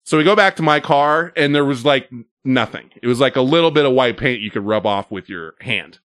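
A man's voice: mid-range voice, lively intonation, a little fast, fairly bright tone, smooth, no echo, clean studio sound. A man telling a story casually, with lots of fillers and swearing.

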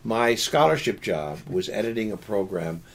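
An older man, a podcast guest, telling stories in a halting, rambling way with many restarts and laughing asides. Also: on the low side, lively intonation, gravelly. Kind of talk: casual storytelling.

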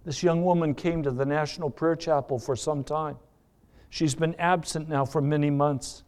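Male pastor preaching, fairly high voice, impassioned, big swings from loud to hushed. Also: fairly even intonation, normal speed. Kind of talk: sermon.

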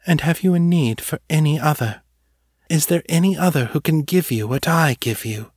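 Casting: man doing a cruel seductive female spirit muse for an audio story, higher than his own voice, slow and commanding. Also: dry recording, clean studio sound, lightly acted. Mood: insistent.

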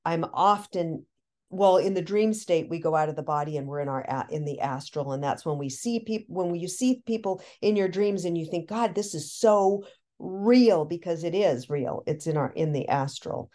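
Lower-pitched woman telling spooky stories. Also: normal speed. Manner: animated, breathless storytelling with many restarts. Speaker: podcast guest. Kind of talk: casual storytelling.

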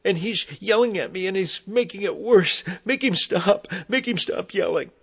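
A man's voice: mid-range voice, sing-song, moderate pace, voice pushed up. A man voicing a frightened young woman who is pleading breathlessly after a car crash. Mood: panicked pleading.

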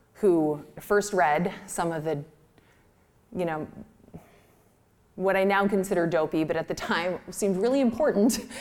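Woman writer telling stories, chatty and self-deprecating, somewhat low voice. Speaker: writer giving a talk. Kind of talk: personal storytelling talk.

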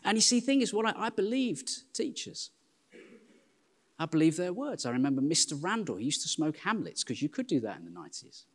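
An English man in his forties preaching a sermon in a church, telling self-deprecating stories in a lively way. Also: fairly high pitch, a little fast. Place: church hall. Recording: long hall reverb.

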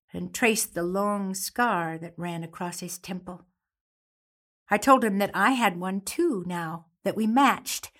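An actress performing a dramatic monologue as a grieving mother of a badly wounded soldier son, speaking in a halting voice heavy with emotion. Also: on the low side. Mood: somber.

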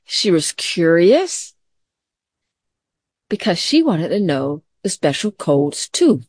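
Slow, calm woman teaching children. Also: lowish voice, husky, no echo, clean studio sound. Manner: calm, gentle, talks straight to children. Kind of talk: children's mindfulness lesson with story time.

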